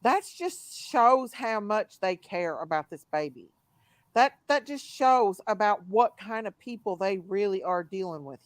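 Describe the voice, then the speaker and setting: A woman's voice: mid-range voice, no room sound. Indignant woman hosting a live panel. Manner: heated, indignant, greets viewers by name. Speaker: livestream panel host. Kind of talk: casual live chat.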